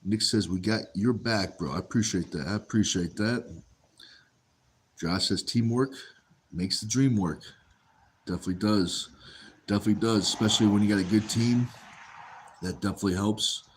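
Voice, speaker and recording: A man's voice: on the low side, moderate pace, pauses often, slight background noise. A man hosting a casual livestream, reading viewer comments aloud and answering in an easygoing way, often saying a phrase twice. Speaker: livestream host.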